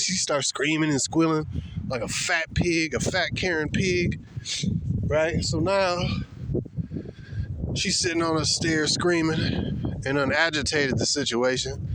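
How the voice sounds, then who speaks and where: A man ranting in blunt, slang-heavy commentary, sneering at the people he describes. His voice sits a bit high for a man, and steady vehicle noise runs under it. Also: a little slow, pauses often. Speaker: commentary vlogger.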